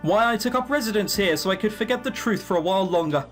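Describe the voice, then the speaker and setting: A man's voice: high-pitched, lively intonation, fast, faint music behind. A man voicing a proud, formal male warrior who talks stiffly in a visual novel reading. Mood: solemn.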